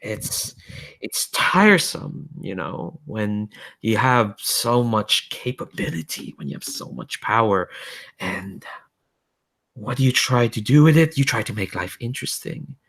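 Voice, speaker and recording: A man's voice: lowish voice, animated, unhurried, vocal fry, fairly bright tone, exaggerated voice. A man voicing a bored, mocking dimensional being. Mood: amused.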